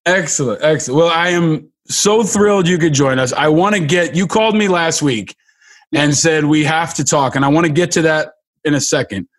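A man hosting an interview, gushing with praise and often restarting his sentences. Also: on the high side. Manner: gushing, halting with many restarts. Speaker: podcast host.

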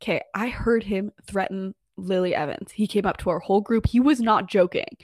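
A woman's voice: mid-range voice, brisk, darkish tone, dry recording, clean studio sound, lightly acted. A young woman voicing an intense young witch who snaps curt, exasperated retorts.

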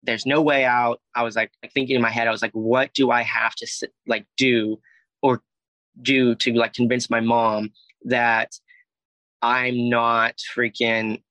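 Telling his personal story as a guest, a young Alabama man rambles casually, leaning hard on "like" and "I was like" and swearing frequently. He speaks a little slowly in a flat, mid-range voice with a sharp tone, in a rough recording with no room sound.

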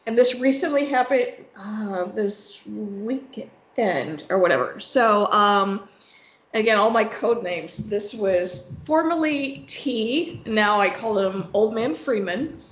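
A woman's voice: mid-range voice, slow pace, roomy sound, highs cut off. A young woman co-hosting a casual podcast, telling a story with lots of fillers and laughs. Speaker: podcast co-host. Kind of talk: casual chat among friends.

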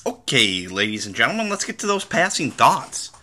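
A man's voice: mid-range voice, very animated, normal speed, bright, forceful tone. A young adult man from the American Midwest hosting a casual solo podcast, telling rambling stories full of fillers and restarts. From Midwest United States. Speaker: podcast host.

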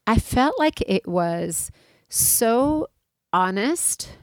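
A woman's voice: fairly high pitch, animated, very slow, no room sound. A woman co-hosting a casual chat, gushing and enthusiastic. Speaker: co-host.

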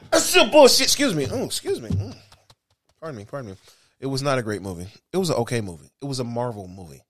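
A blunt man trading wisecracks on a podcast, swearing freely. His pitch moves a lot, rising and dropping as he jokes and argues. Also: very animated, quick pace, a bit bright, no room sound, studio quality. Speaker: podcast co-host. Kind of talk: casual banter.

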